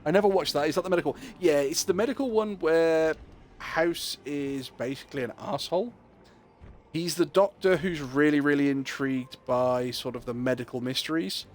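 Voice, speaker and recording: A man's voice: on the high side, normal speed. Chatty man streaming a game. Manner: chatty, joking, talks to chat. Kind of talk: casual gameplay chat.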